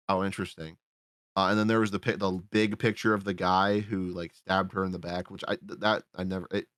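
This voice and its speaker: Podcast guy, low-pitched and dry, loose profane storyteller who acts out his reactions. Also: fairly bright tone, no room sound. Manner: rambling, swears freely, acts out his own reactions. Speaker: podcast co-host reviewing a film. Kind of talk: casual profane movie recap.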